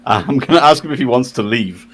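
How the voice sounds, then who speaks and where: A man's voice: mid-range voice, lively intonation, brisk, crowd noise. A man playing a tabletop game, laid-back and chuckling. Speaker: player. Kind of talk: casual tabletop play.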